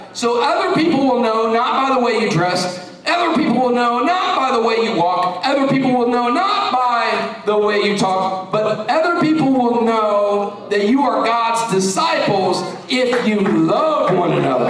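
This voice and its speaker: A man preaches with an animated, joking delivery. His voice sits very high for a man. The recording is distant and soaked in the echo of a large church. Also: moderate pace. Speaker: pastor. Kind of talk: sermon. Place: church sanctuary. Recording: echoey church recorded from afar.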